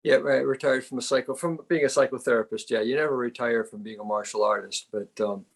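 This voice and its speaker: An older man with an Upper Midwest accent, from Wisconsin, speaking as a calm, reflective, good-humored interview guest. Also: medium pitch, fast talker, gravelly. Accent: Upper Midwest American. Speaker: guest, retired psychotherapist and martial artist. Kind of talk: casual interview chat.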